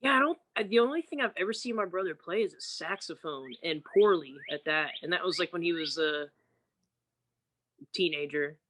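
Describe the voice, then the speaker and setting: A woman's voice: lowish voice, normal speed, a bit bright, a little hiss or hum. A woman guest musician chatting casually on a podcast, telling candid, loose stories and mimicking people.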